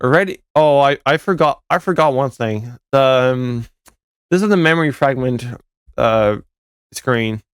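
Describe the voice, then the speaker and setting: A man's voice: mid-range voice, a little slow, clean tone, no echo, studio quality. A young man, a fan game developer, casually commenting over footage, rambling and correcting himself as he goes. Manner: rambling, self-correcting, laughs at own jokes.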